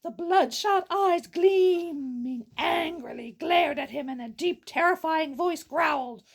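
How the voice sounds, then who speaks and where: High-voiced playful woman storyteller. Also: slow, creaky. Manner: playful, goofy asides, sound effects. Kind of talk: storytelling read-aloud.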